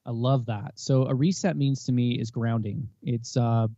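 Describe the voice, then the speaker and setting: A man in his thirties, a podcast guest and parent, talking in an emphatic, animated way with preachy bursts, on a dull lo-fi recording. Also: mid-range voice, moderate pace, dry recording. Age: 30s. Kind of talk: casual interview talk.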